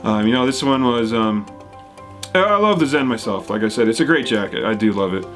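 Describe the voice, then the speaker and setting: A man in a relaxed, casual question-and-answer video, answering his viewers at an unhurried pace with many "um"s and "you know"s. His pitch sits in an ordinary middle range. Faint guitar music plays behind him. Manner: rambling, many fillers and restarts. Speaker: whitewater kayaking channel host. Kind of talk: casual Q&A, reading viewer comments.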